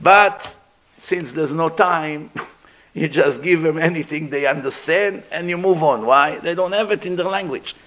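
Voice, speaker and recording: An aged man teaches a religious class in a fairly high voice. He talks in a lively, conversational way, tossing asides to his listeners. He acts out the throat sounds he is explaining. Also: measured pace. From Middle East. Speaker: rabbi giving a lecture. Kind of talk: religious lecture.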